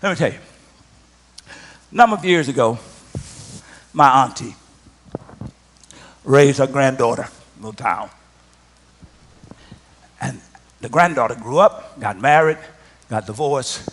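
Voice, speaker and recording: A male pastor delivering a sermon, emphatic, restarting his phrases and swinging from quiet moments to loud ones. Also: mid-range voice, a little hiss or hum.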